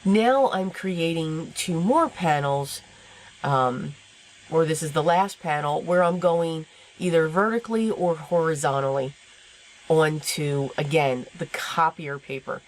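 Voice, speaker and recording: Low-voiced chatty woman crafter. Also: measured pace, a little hiss or hum, low-quality recording. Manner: chatty, rambling, self-deprecating, many fillers. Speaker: card-making channel host. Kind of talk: casual voice-over narrating a craft tutorial. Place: home craft room. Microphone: voice-over recorded at a desk.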